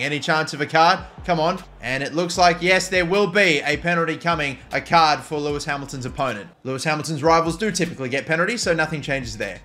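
A high-voiced young man calls a football video game match as it unfolds. His tone is bright and jokey, swinging into excited shouts whenever a goal goes in, and light music plays faintly behind him. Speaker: gaming YouTuber. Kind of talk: live football game commentary.

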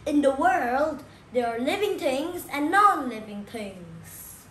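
A woman speaks very slowly as she teaches young children, saying each new word again and again and checking in with questions. Her voice sits a little high. The room is echoey, with a faint hum of ambience behind her. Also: big pitch swings, fairly bright tone. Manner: repeats key words slowly, asks the listener questions. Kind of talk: slow classroom explanation for young children.

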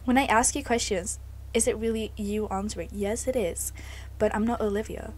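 A young woman playing a horror game alone in a dark basement, jumpy and scared, often swearing and screaming. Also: mid-range voice, normal speed, a little hiss or hum. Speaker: gaming video creator.

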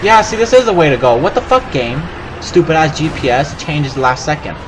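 Male gaming host: excitable, profane let's play commentary, bouncing pitch, steady noise behind. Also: fairly quick. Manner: profane, excitable, yelps and laughs while playing.

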